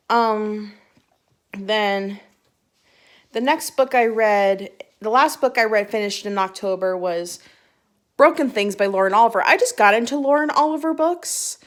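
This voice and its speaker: A young woman chatting casually to her phone camera about books she read, giggly and rambling with restarts. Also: medium pitch. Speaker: book vlogger. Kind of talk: casual book chat to camera.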